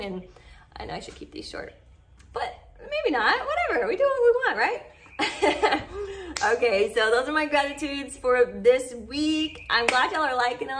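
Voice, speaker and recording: Chatty woman talking to camera. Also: fairly high pitch. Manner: chatty, heartfelt, lots of fillers like "like" and "you know". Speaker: vlogger. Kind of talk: casual gratitude vlog.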